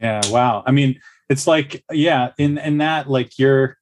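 A man hosting a casual conversation, talking in a halting, rambling way with many restarts and fillers. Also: medium pitch, noisy background.

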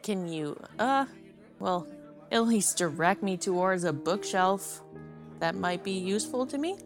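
A woman's voice: mid-range voice, animated, a little slow, soft background music. A woman playing a tabletop game, giggly and hesitant with many fillers. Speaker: player. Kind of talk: casual tabletop play.

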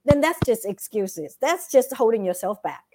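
A woman's voice: a little high, big pitch swings, normal speed, background noise. A woman as a podcast guest, giving motivational advice and recapping her points in a numbered list.

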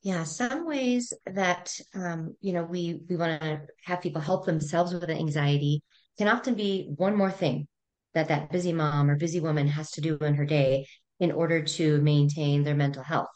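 A middle-aged woman speaking as a therapist guest on a podcast, calm and gently instructive as she walks through breathing exercises. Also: deep voice, moderate pace, lo-fi sound. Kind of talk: conversational podcast interview.

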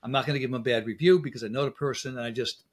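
A middle-aged man with a husky, slightly breathy voice at an ordinary male pitch. He talks casually as an interview guest and tells anecdotes full of quoted back-and-forth. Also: fairly even intonation, racing. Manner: anecdotal, speaks in quoted exchanges. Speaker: guest, dental implant specialist.

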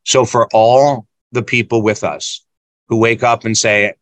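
A man's voice: medium pitch, steady tone, unhurried, dry recording. A man in his sixties, a guest and motivational speaker, telling a story in an emphatic, blunt, preachy way. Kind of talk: storytelling in conversation.

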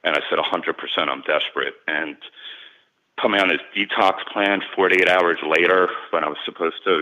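Very deep-voiced man telling his story. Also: sharp tone, highs cut off. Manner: earnest, candid, repeats words when emotional. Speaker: sports and celebrity agent, guest. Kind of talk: personal storytelling in an interview.

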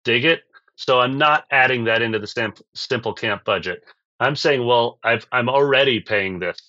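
A man's voice: medium pitch, normal speed, bright, forceful tone, no echo. A man co-hosting a podcast, explaining costs in a practical, casual way. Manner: practical and explanatory, drops in "um" and "dig it". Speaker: podcast co-host. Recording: slightly dull lo-fi audio.

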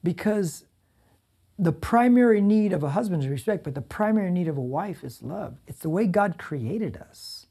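Brief: middle-aged male pastor, sermon delivery, warm dark tone with a slightly husky edge, speaks straight to the congregation. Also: high voice, expressive, normal speed. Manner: conversational, addresses the congregation directly.

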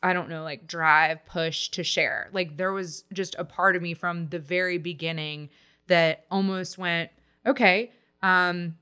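Woman, thirties, podcast guest, candid animated storytelling, bright voice, smooth clear tone, slightly low pitch. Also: unhurried. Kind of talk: podcast interview, personal story.

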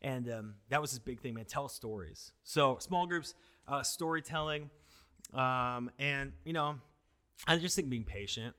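A man's voice: mid-range voice, a little slow. A man who is a pastor, telling stories in casual conversation, acting out quotes and filling his talk with "like" and "you know.". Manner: animated storyteller who acts out quotes, filler-heavy. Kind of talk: casual conversation about church outreach.

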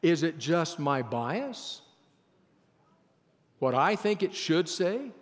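A man's voice: on the high side, big pitch swings, slow. Emphatic male pastor in a reverberant hall. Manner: emphatic, varies pace and loudness for effect. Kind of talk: sermon.

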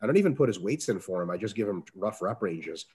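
Fast-talking husky man coaching. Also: lowish voice. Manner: profane, animated, acts out quoted dialogue. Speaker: strength coach. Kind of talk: casual interview answers.

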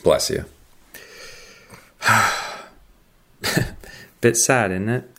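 A man's voice: on the low side, extremely slow, bright, forceful tone. A young man co-hosting a casual chat, rambling with many fillers and dry jokes. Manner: rambling, filler-heavy, joking. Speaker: podcast co-host.

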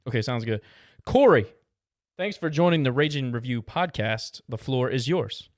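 A man hosting a call-in sports podcast, moving briskly between callers. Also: medium pitch, animated, dry recording, clean studio sound. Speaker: podcast host.

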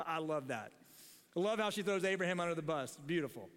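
A man's voice: on the high side, animated, brisk, fairly bright tone, in a large hall. A man preaching a sermon as pastor in a church, in a casual, joking way, often laughing at his own lines. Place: church sanctuary.

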